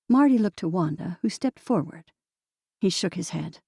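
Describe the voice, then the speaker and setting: A woman narrates an audiobook calmly and steadily. Her voice is gravelly and mellow, with a dry, close sound. She keeps an even, middle pitch throughout. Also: normal speed, no echo. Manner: calm, steady storytelling. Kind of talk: scripted narration.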